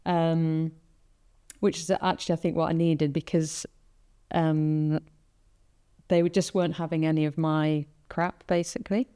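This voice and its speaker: Low and smooth, the voice belongs to a woman hosting a podcast at an unhurried pace. She relates personal anecdotes conversationally, playing out her inner thoughts as she goes, all in a calm, mellow tone.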